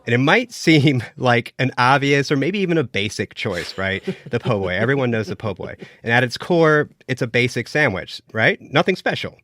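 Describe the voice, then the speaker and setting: A man pitching his case on a podcast with a playful, theatrical, drawn-out storytelling manner. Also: big pitch swings, a bit bright, no room sound. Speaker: reporter and debate guest.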